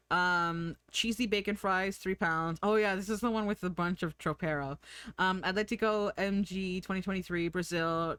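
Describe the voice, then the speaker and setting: American woman streamer, chatty and giggly, animated voice, dry close sound. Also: mid-range voice, no room sound. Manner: chatty, giggly, thinks aloud. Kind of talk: casual live-stream chat.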